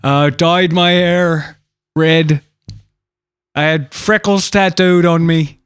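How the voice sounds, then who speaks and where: A man voicing a rambling, deadpan salesman of potato peelers with a put-on Irish accent. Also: fairly high pitch, slow pace, clean tone, no room sound, studio quality, soft background music. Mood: earnest. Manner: rambling, earnest storytelling with quoted voices. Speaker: improv performer. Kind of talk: improvised comedy bit.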